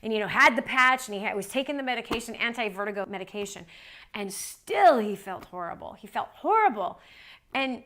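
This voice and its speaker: A Christian woman delivers a storytelling sermon in a conversational way, her voice a little high, fairly bright, and lively in intonation at a fairly quick pace. She repeats phrases for emphasis and tosses in tag questions such as "right?"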